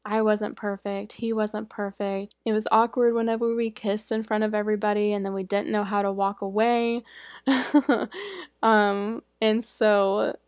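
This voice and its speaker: A woman's voice: mid-range voice, little pitch movement, unhurried, no echo, lo-fi sound. A young woman hosting a podcast, telling a personal story in a candid way, laughing often and restarting her sentences. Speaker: podcast host.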